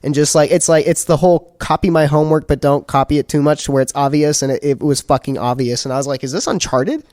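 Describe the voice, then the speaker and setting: A young man chatting casually with a friend, telling a rambling, easygoing story in a mid-range voice. His sentences tend to drift off and get quieter at the ends. The sound is dry and close, with no room around it. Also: on the high side, level tone, fast talker, hardly any pauses, no echo. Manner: rambling, laid-back storytelling, trailing off quietly. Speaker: podcast co-host. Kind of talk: casual chat.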